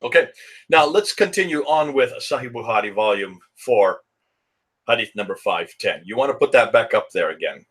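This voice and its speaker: A man with a bright, sharp tone and a husky edge explains things to viewers on a live stream. His delivery is measured and patient as he works through their questions. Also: medium pitch, expressive. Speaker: co-host.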